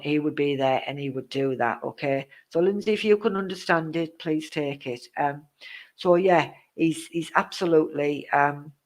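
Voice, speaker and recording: A psychic medium gives a live-streamed reading, her low-pitched voice chatty and repetitive, and she laughs at tech trouble. The live-stream setup has a glitchy connection, and the recording is low quality.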